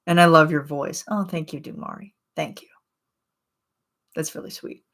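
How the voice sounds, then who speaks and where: Low-voiced, rambling woman streamer. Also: fairly even intonation, moderate pace, vocal fry, a bit bright. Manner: rambling and chatty, with frequent fillers and laughs. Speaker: livestream host. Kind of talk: casual livestream chat.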